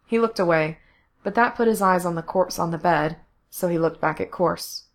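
A woman reading a story aloud, her voice set slightly low. She keeps an even, steady storytelling pace. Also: normal speed, vocal fry. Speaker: narrator. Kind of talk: reading fan fiction aloud.

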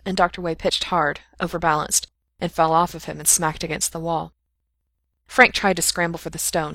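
Woman, storybook narrator, slightly low voice, dry close sound, acts out characters' lines. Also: fairly bright tone, no room sound. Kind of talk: fiction audiobook reading.

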